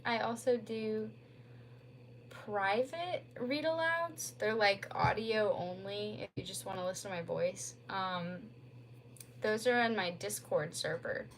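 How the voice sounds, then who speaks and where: Young female streamer, casual home chat into her phone, unhurried delivery, light background noise. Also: medium pitch. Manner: rambling, lots of "like" fillers.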